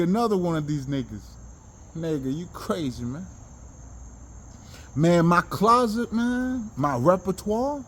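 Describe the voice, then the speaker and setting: A man talking in a casual, rambling monologue about self-improvement, animated and profane, with many restarts and bursts of laughter. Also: fairly high pitch, slight background noise. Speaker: self-help talker.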